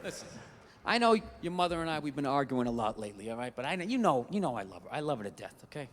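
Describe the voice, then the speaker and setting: A man's voice: medium pitch, big pitch swings, very fast, a bit bright, in a large hall, a little hiss or hum. A male stand-up comedian ranting in an exasperated, profane way during a live routine.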